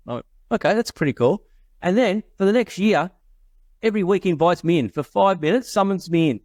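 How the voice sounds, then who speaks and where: A man's voice: sits high, expressive, a little fast, a little mellow, dry recording. A middle-aged man telling business stories in a casual podcast interview, quoting people in voices and laughing often. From Australia. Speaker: guest investor.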